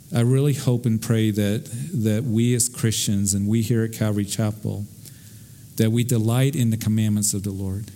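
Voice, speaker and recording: A man's voice: on the low side, fairly even intonation, normal speed, slight background noise. A middle-aged American man, a pastor, teaching verse by verse through the Bible in a conversational way, telling stories and often restarting his sentences. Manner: conversational, warm storytelling with frequent restarts.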